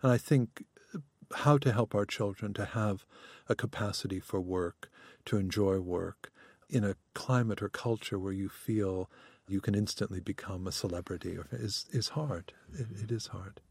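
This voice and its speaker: Low, husky-voiced male guest. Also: normal speed, darkish tone, no echo. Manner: hesitant, restarts phrases, earnest. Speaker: interview guest. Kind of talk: radio interview conversation.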